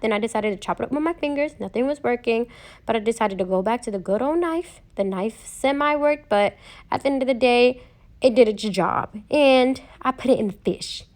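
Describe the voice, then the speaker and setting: A woman home cook talking viewers through a recipe in a casual voice-over, chatty and joking with playful asides. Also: a little high.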